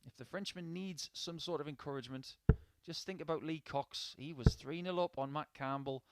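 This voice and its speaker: A man's voice: on the high side, normal speed, background noise. A man giving live darts commentary in a chatty, upbeat way with small personal asides.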